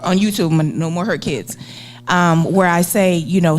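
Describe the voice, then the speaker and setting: A woman's voice: lowish voice, normal speed, soft background music. A woman on a talk show speaking earnestly and with conviction. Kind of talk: casual chat.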